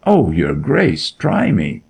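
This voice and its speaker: A man's voice: low-pitched, wildly swooping pitch, slow, gravelly, a little mellow, breathy edge, full character voice. A man reading a story aloud, voicing a timid young shepherd boy who pleads in a frightened country dialect. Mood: eager.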